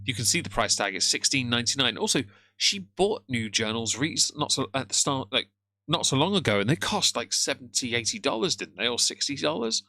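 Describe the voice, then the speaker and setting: A man's voice: mid-range voice, big pitch swings, a little fast, creaky, pushed and bright, no echo, clean studio sound. A man hosting a casual live stream, rambling as he reacts and greets his chat by name, and now and then tripping over his words. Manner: rambling, chatty, greets chat, stammers at times.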